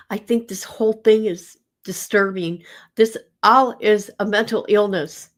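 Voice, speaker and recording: A woman's voice: mid-range voice, fairly even intonation, measured pace, a bit bright. An older woman hosting a casual livestream, talking bluntly with exasperation, stammering and breaking into laughter. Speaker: livestream host.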